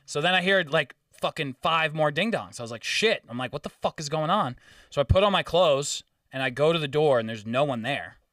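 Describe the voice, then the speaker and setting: A man's voice: a little high, brisk, no room sound, clean studio sound, recorded from a distance. Young man telling a swearing rant. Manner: swearing, animated storytelling. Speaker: podcast host. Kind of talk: casual chat.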